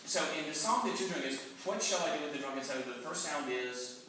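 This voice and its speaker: A man's voice: a little high, expressive, quick pace. A man coaching a choir, playfully demonstrating sounds for the singers to repeat. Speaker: choir clinician. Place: large echoey hall. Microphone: distant camera mic. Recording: very echoey hall, heard from far off, loud noise.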